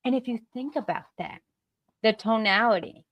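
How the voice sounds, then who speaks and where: A woman from the United States giving an animated motivational talk as a guest on a live stream, shifting her tone to act out examples. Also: fairly high pitch, moderate pace, no echo. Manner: animated, acts out example remarks in varied tones. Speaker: guest speaker. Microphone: video call.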